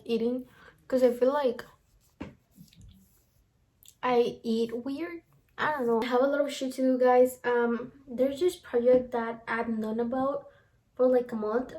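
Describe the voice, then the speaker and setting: Young woman vlogging, rambly casual chat, kinda high voice but mellow, says "like" a lot. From from abroad, lives in the US. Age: young adult. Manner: chatty, rambling, lots of "like" and "honestly". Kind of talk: casual vlog chat to camera.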